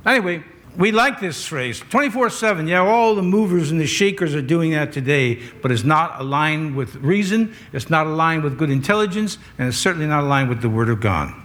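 Older male pastor, slightly high voice, chatty sermon delivery with wry asides. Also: expressive, brisk, a bit bright. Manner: conversational preaching with wry asides.

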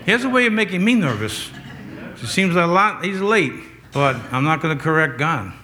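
A pastor delivering a conversational sermon, mixing scripture retelling with humorous asides to the congregation. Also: male voice, fairly high pitch, sing-song, moderate pace, pushed and bright.

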